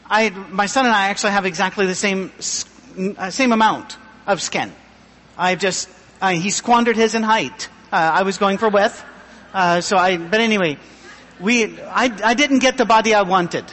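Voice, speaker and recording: A middle-aged man pastor giving a humorous, self-deprecating sermon with a thin, high voice. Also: measured pace, fairly bright tone, long reverb tail, a little hiss or hum.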